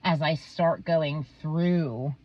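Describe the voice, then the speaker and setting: A woman's voice: sits low, very slow, darkish tone, lo-fi sound. A woman vlogging in a casual, rambling monologue, swearing often and filling with "um" and "like.". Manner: rambling, swears a lot, many "um"s and "like"s.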